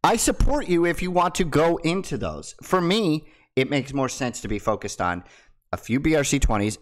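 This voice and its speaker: A young man talking casually to camera as a crypto YouTuber, teasing his viewers and dropping from loud bursts to hushed asides. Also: medium pitch.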